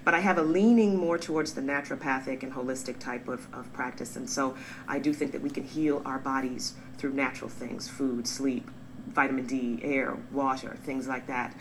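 A woman's voice: rumbling low, normal speed, slight background noise, poor audio. A woman in her forties talking straight to the camera, answering critics. She speaks earnestly and defensively, stressing key words. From born in England, raised in the US. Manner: earnest, defensive, animated emphasis. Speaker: vlogger, pediatrician. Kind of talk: direct-to-camera response video.

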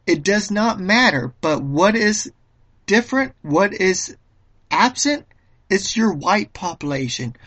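A commentator speaks alone in a monologue, reading passages from an article and adding commentary. The delivery is slow and deliberate, and the voice sits in a middle pitch. The speaker often stops on fillers and restarts sentences. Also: lively intonation, a bit bright, slightly rough. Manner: slow and halting, with many "um"s and restarts. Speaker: political commentator.

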